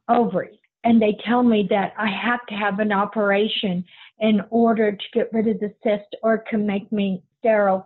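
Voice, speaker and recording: A middle-aged woman earnestly telling a personal story in a plain-spoken, spiritual way. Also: on the high side. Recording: husky voice on a phone-like line.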